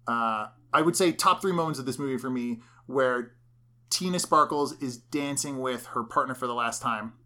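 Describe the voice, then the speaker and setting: A chatty podcast co-host walks through a movie plot scene by scene. The talk is loose and conversational, and the characters' lines are acted out in playful bits. The voice sits at a middle pitch. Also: moderate pace, sharp tone. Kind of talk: casual movie recap chat.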